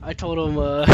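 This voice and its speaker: A young man in casual voice chat, telling a profane, exasperated story about a teammate in a game. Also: medium pitch. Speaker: gamer. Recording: loud background noise.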